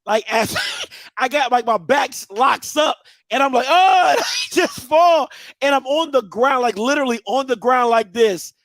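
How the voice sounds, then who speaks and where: High-voiced man telling funny stories. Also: normal speed, dry recording. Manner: animated, rambling storyteller. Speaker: podcast co-host. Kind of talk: comedic storytelling.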